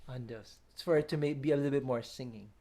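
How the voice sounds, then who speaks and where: A woman's voice: very deep voice, fast, warm tone. A woman coaching a piano student in a masterclass, encouraging and singing phrases on syllables to show the touch. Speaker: piano teacher. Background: faint piano.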